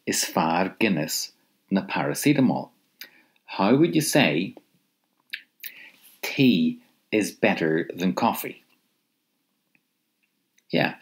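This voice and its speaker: Deep, slow teacher. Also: male voice, very animated. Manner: patient, repeats phrases slowly with pauses for the listener. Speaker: language teacher. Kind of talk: recorded language lesson.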